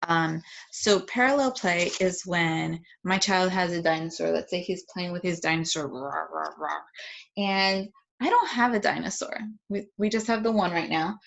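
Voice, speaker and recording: A woman's voice: fairly low pitch, moderate pace, gravelly, fairly bright tone, slight background noise. Woman, parenting educator, patient and explanatory, instructional talk, demonstrates with toys. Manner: patient, explanatory, plays out toy voices.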